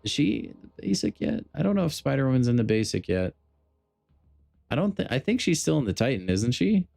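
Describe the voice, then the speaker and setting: A man's voice: medium pitch, very animated, a little fast, vocal fry, a little mellow, dry recording, faint music behind. A man chatting casually on a gaming live stream, joking and talking straight to his chat. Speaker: game streamer.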